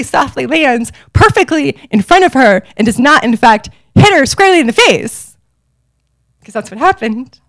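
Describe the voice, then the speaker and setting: Woman, forties, podcast host, animated storytelling, self-deprecating, laughs often, slightly high voice.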